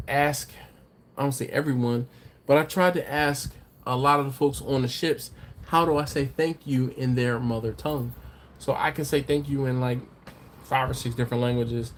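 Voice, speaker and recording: A man hosting a casual livestream, rambling and teasing while reading out viewer comments, a little tipsy from drinking. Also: mid-range voice. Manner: rambling, laughs often, teasing. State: has been drinking. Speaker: livestream host. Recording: faint background noise.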